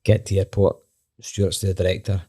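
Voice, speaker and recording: A Scottish man, a band member on a podcast, telling a lively anecdote with plenty of swearing and acted-out dialogue. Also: low-pitched, moderate pace. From Scotland. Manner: animated, swears freely, acts out quoted dialogue. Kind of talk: casual storytelling anecdote.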